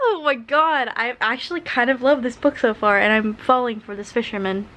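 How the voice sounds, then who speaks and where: A woman's voice: a little high, lively intonation, normal speed, noisy background. Chatty young woman vlogging from bed. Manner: chatty, lots of "like" and "um". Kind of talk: casual chat to camera. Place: in bed at home.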